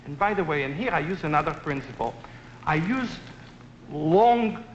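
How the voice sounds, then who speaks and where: A high, bright male voice swoops up and down as he teases and tells little stories to his listeners. The sound is a roomy, dull archive recording. He lectures with playful humor. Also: animated, normal speed, a little hiss or hum. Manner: playful, teasing, storytelling. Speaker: lecturer on psychology. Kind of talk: humorous anecdotal talk to an audience.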